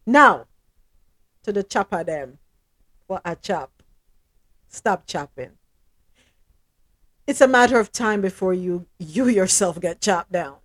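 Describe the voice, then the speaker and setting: A woman hosting a podcast in casual chat, blunt and animated, often laughing. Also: medium pitch, slow pace, pauses often. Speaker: podcast host.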